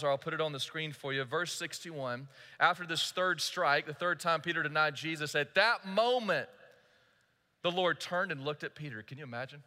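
A man's voice: on the high side, pushed and bright. A male pastor preaching a sermon, telling a story earnestly and speaking directly to the congregation. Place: church sanctuary. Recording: echoey church hall.

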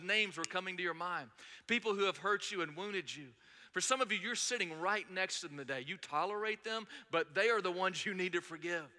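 A man's voice: sits high, pushed and bright. A man from North Georgia preaching a sermon, telling stories conversationally with frequent fillers. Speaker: pastor. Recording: long reverb in a large hall.

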